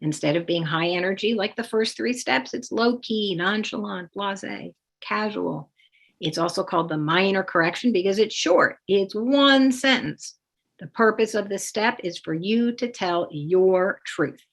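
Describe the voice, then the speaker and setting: Calm instructional woman, lively emphasis. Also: mid-range voice, normal speed. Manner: calm, explanatory, acts out sample phrases with lively emphasis. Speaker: parenting educator. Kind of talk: instructional talk with demonstrations.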